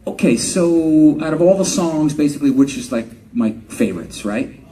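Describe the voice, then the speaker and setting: A middle-aged man answers fans at a convention panel with loose, joking stories, laughing and cursing as he goes. His voice sits a little high and swings widely in pitch. He sounds some distance from the microphone. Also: moderate pace, a little hiss or hum. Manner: animated, joking, laughs often, swears casually. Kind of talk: live fan Q&A storytelling.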